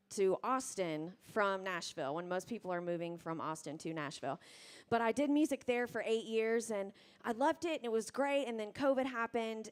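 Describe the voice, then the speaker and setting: A young woman from Mississippi with a Southern accent, chatting with a bar crowd between songs in a casual, self-deprecating way. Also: medium pitch. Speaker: singer-songwriter performing live. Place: live music bar stage. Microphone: stage vocal mic.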